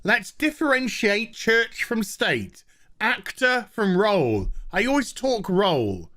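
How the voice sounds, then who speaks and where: A man's voice: sits high, very animated, slow, sharp tone. A man reviewing a TV show in a sweary, sarcastic, exasperated rant. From Northern England.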